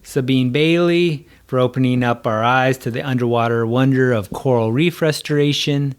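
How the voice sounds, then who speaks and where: A man's voice: medium pitch, normal speed, clean tone. A man from the hosting a podcast, chatting loosely with a guest and laughing easily, then reading out thanks. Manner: relaxed, laughing, loosely phrased. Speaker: podcast host. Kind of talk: casual interview chat and outro.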